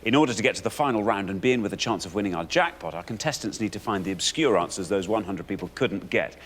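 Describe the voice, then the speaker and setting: A man's voice: on the low side, lively intonation, fast, a bit bright, a little hiss or hum. A man hosting a quiz show, announcing with playful, theatrical energy. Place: TV studio with audience.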